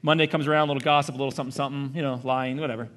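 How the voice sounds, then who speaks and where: A young man preaching a sermon as a pastor, animated and jokey, often asking the congregation questions. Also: medium pitch, rapid-fire.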